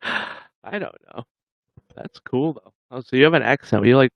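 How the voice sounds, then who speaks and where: A man's voice: medium pitch, unhurried, gravelly, long pauses, dry recording, lo-fi sound. A man hosting a livestream, chatting casually with viewers in a rambling way and chuckling often. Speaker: livestream host.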